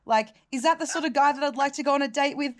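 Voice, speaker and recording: A woman's voice: sits high, fast. Sweary storytelling Australian woman. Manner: animated, sweary, quotes people in other voices. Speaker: vlogger. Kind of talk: casual storytelling.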